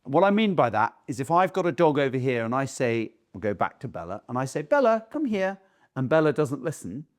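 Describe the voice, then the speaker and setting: A man's voice: medium pitch, animated, quick pace. A middle-aged man, a dog trainer, talking bluntly and casually, acting out owners calling their dogs. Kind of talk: casual talk to camera.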